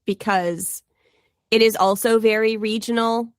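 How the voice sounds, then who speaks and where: A woman's voice: a little high, steady tone, measured pace, clean tone, no echo, studio quality. A Canadian woman from the Toronto area, co-hosting a podcast in casual chat, talkative and laughing often as she wanders off on tangents. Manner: chatty, laughs often, digressive. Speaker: podcast co-host.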